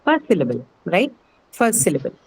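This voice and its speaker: Woman, teacher, patient lecturing, fills pauses with okay and uh. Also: lowish voice, sing-song, a little hiss or hum, poor audio. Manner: patient, explanatory, frequent "okay" and "uh" fillers, asks questions. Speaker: English teacher. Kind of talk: live class lecture on word stress.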